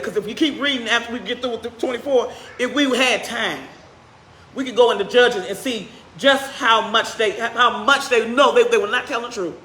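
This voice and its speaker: A woman pastor preaching a sermon in a church, talking with the congregation and asking them questions as she goes. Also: fairly high pitch. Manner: animated, speeds up and slows down for emphasis. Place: church sanctuary. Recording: roomy church echo.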